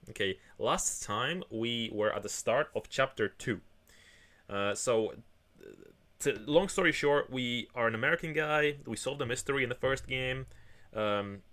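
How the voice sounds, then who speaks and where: A man's voice: mid-range voice, fairly bright tone. A male game streamer chatting casually at home, rambling with lots of fillers and restarts. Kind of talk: casual chat while gaming.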